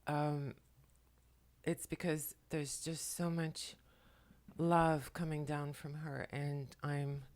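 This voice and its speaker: A tearful woman at home, speaking to the camera in a soft, halting way while relaying messages, often dropping to a whisper. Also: sits low, level tone. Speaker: spiritual channeler and makeup vlogger. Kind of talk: emotional channeling talk to camera. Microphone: camera mic, speaking to the camera.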